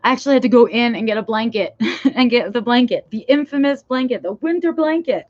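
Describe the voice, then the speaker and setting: A woman's voice: a little high, fast, a little mellow, dull audio. A woman hosting her own live stream outdoors, chatting casually and rambling with lots of fillers while feeling cold. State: cold, shivering. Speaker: vlog host. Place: outdoors in a backyard.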